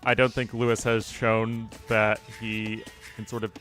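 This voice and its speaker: Chatty American game caster. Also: male voice, lowish voice, flat delivery, unhurried, a bit bright, soft background music. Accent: General American. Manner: casual, chatty, laughs often. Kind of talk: live game commentary reading chat.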